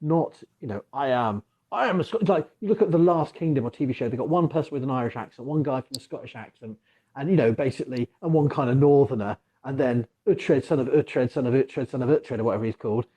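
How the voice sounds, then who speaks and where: A man hosting a casual conversation about the past, talking in rambling, digressive stretches with animated asides. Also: mid-range voice, quick pace, breathy edge, rough recording. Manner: mock voices for quoted figures. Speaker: archaeologist podcast host.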